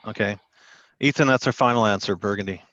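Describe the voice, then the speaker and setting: A man playing in an online trivia game, giving calm, brief answers. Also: fairly low pitch, quick pace. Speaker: trivia contestant. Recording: dull, lo-fi video call audio.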